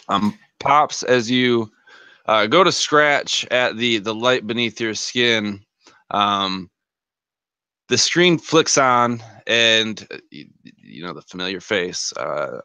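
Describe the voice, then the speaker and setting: A man's voice: on the low side, sharp tone, smooth, dry recording. A man narrating as game master of a tabletop game, rambling with many fillers.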